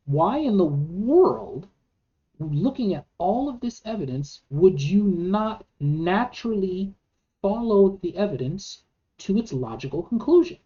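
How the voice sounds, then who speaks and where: A woman's voice: mid-range voice, warm tone, muffled recording. A woman giving an earnest, argumentative monologue to camera, with many rhetorical questions and frequent restarts. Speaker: vlogger.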